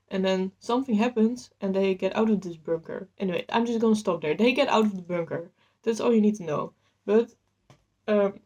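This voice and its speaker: A woman chatting casually about books she has read, enthusiastic and a bit rambling, slightly out of breath. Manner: enthusiastic and rambling, with lively jumps in pitch. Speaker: book vlogger. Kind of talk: casual chat.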